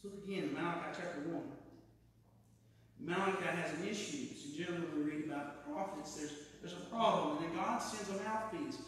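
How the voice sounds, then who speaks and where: A male preacher delivers a sermon, posing questions and answering them with earnest conviction. His voice sits high for a man. The sound comes from some way off the mic, washed in the long, ringing echo of a church sanctuary. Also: a little fast, slight background noise. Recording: echoey church hall, mic at a distance.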